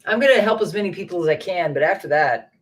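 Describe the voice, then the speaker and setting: A middle-aged woman from Maine hosts a livestream at home, talking straight to her chat. Her voice sits a little low, and she swears freely as she vents. She speaks close to her webcam. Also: animated, fast, slightly rough. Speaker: livestream host. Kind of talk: casual livestream chat with viewers.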